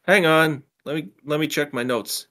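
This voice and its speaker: A man's voice: fairly high pitch, normal speed, bright, forceful tone, pitched above the performer's own voice. A man voicing a young male radio-ham friend who is chipper and fussy about radio etiquette, in a story he reads aloud.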